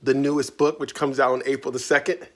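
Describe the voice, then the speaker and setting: A man's voice: medium pitch, level tone, brisk, fairly bright tone, a little hiss or hum. A man from Virginia answering reader questions in a casual, playful, chatty way from his writing studio. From Tidewater Virginia, US. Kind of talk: casual video Q&A.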